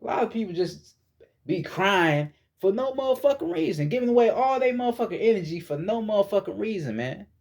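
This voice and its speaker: A man's voice: high voice, lively intonation, fairly quick, creaky. A man giving a casual spiritual monologue as a vlogger, lecturing bluntly with heavy profanity and frequent repetition.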